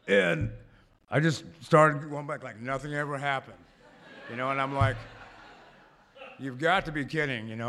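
A man telling a personal story to a live audience, halting and rambling, full of fillers and restarts. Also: medium pitch, a bit bright.

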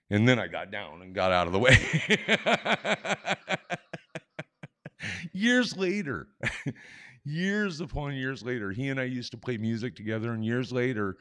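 Man in his sixties, lowish voice, animated, chuckling, self-mocking, live stage storytelling, stage mic. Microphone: stage microphone.

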